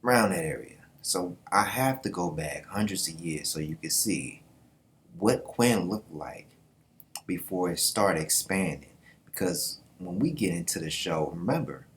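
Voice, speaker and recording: A man hosting his own video channel, talking in a casual, slangy, animated way with quick asides and laughs. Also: low voice, slight background noise. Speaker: YouTube host. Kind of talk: casual commentary.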